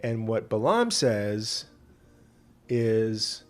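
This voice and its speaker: A man's voice: lowish voice, takes it slowly. A man who is a rabbi, retelling scripture casually with humor and many fillers.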